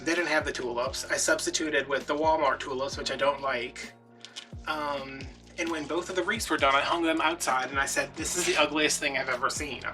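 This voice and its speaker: A man's voice: on the high side, fairly even intonation, a little fast, sharp tone. Man, casual crafting vlog, rambling and chatty, mic a bit far off, music playing behind. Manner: rambling, chatty storytelling with many fillers. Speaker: DIY wreath-making host. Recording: distant mic with background music.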